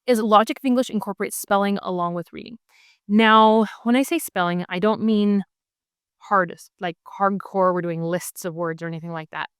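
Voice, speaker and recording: In clean studio sound without echo, a woman in her thirties with a fairly low, clean-toned voice presents her homeschool curriculum picks. The video talk is casual, friendly and enthusiastic, explained step by step and sprinkled with ums.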